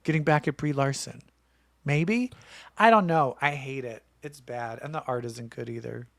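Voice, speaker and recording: A man's voice: mid-range voice, normal speed, creaky, a bit bright, no room sound, clean studio sound. A man co-hosting a comic book podcast in casual chat, blunt and grumbling, often trailing off while searching for words. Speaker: podcast co-host.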